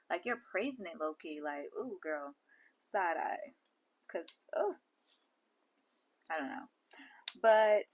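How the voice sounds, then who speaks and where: A woman hosting a reality show recap, talking in a sassy, blunt way full of slang. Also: medium pitch. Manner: sassy and blunt, heavy on slang like "girl" and "sis". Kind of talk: casual recap commentary.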